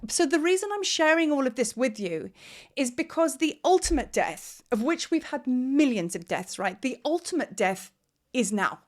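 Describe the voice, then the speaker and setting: Woman teacher, slightly high voice, rambling heartfelt vlog to camera. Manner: rambling, heartfelt, trying not to cry. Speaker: spiritual teacher and priestess. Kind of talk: casual vlog talk to camera. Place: at home in Cape Town.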